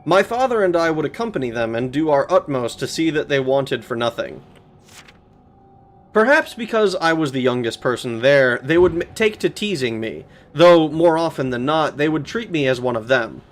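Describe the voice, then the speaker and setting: A man's voice: a little high, animated, moderate pace, close to an everyday voice. A man reading as a wistful old butler. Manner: mock-formal, wistful reading. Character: aging male butler recalling his youth. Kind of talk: reading game notes aloud in a put-on voice.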